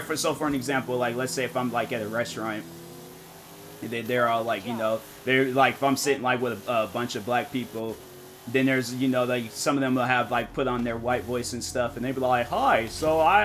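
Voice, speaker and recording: Bright-voiced man chatting on stream. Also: mid-range voice, a little hiss or hum. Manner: rambling, thinking aloud with many restarts. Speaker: gaming streamer. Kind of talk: casual chat with viewers while streaming.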